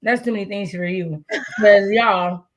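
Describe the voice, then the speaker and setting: A woman in easy conversation on a reading stream, laid-back and a little teasing. She thinks out loud, circling through loose phrases before making her point. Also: mid-range voice, fairly even intonation, a little slow, a crowd in the background, poor audio. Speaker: co-host of a reading livestream. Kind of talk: casual chat.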